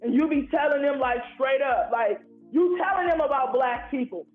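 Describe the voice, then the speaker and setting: A man from Ohio calls in and rants in a heated, profane, rambling way. His voice sits very high. It comes through a tinny, echoey phone line. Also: normal speed, soft background music. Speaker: caller. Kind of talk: angry call-in rant. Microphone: phone call.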